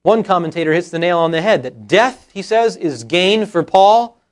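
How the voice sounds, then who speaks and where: A man preaching a sermon as pastor, earnest and emphatic, slowing down to dwell on scripture quotations. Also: sits high, expressive. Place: church sanctuary.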